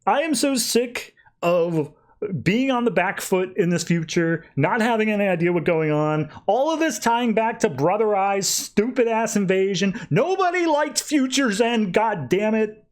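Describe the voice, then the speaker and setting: A man's voice: a little high, moderate pace, pitched above the performer's own voice, close to an everyday voice. A man voicing a fed-up young male Batman in an exasperated rant. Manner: shouty, exasperated ranting.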